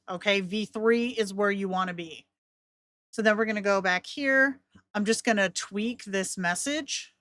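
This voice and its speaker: A woman walks viewers through a casual screen-share tutorial in a chatty, rambling way, laughing often. Her voice is mid-pitched, and the sound is dry and close. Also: fairly bright tone, no room sound. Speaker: tutorial host.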